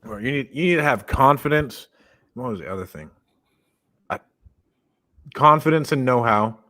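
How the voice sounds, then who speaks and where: A young man co-hosts a casual podcast and speaks in a direct, energetic way. He sounds like he is coaching a team of callers. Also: medium pitch, normal speed. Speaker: podcast co-host.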